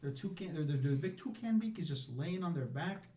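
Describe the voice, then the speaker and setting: A man's voice: fairly high pitch, lively intonation, a little fast, dark tone, reverberant, far from the mic. A man co-hosting a casual podcast, rambling through animal facts, laughing often and swearing casually. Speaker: podcast co-host. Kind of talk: casual chat.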